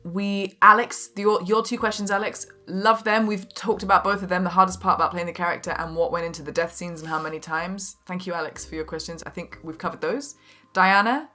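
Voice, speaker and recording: A woman's voice: fairly low pitch, steady tone, brisk, hardly any pauses, pushed and bright, soft background music. A woman hosting a casual live-stream Q&A, reading out viewer questions and chatting about them. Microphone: one mic shared with the guest.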